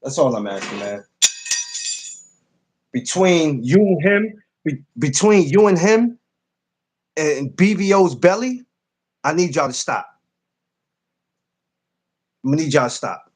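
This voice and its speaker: A man hosts a relaxed morning podcast. His voice sits high and swings widely as he teases his co-host. He tends to repeat himself for effect. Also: slow, pauses often, slightly rough. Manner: playful, repeats phrases, teasing. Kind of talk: casual morning chat.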